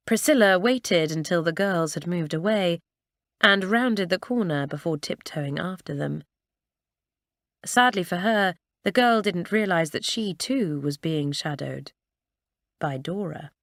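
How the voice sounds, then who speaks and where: A woman narrating a children's school story in a measured, expressive storytelling manner. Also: lowish voice, no room sound, studio quality. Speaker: audiobook narrator.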